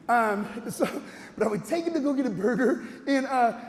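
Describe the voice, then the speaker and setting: An animated man tells a personal story in a rambling way, restarting his sentences and laughing between them. His voice runs high with a gravelly edge. It rings out with a long hall reverb. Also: normal speed. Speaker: speaker telling a personal story.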